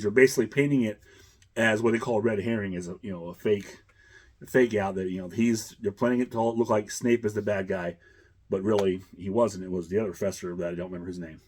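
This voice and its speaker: Brief: male host, casual rambling chat, deep and slightly raspy. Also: steady tone, fast talker, a little mellow. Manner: rambling, chuckling, many fillers.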